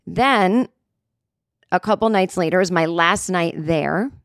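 Her voice is on the low side and her pace a little slow; the studio-quality audio has no echo. A woman comedian hosting a podcast from a hotel room, she tells a meandering, casual story laced with "like" and "you know".

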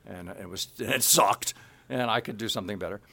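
A man in his sixties from Kansas City, telling animated stories as an interview guest. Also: fairly low pitch, fairly quick, gravelly. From Kansas City, USA. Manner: animated, acts out quotes, laughs. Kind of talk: anecdotal storytelling.

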